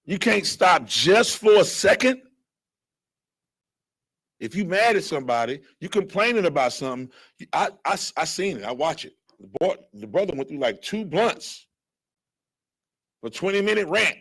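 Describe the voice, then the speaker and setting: A man teaching a blunt, animated Bible lesson who acts out other people's voices as he goes. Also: a little high, moderate pace, long pauses. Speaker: scripture teacher. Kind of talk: fiery street-style Bible lesson.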